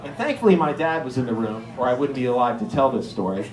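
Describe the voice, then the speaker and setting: A middle-aged man from Erie, Pennsylvania, telling stand-up stories and acting out the people in them with sudden jumps in pitch. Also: quick pace, reverberant, a little hiss or hum, low-quality recording. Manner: animated, acts out characters with jumps in pitch. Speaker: stand-up comedian. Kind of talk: stand-up storytelling.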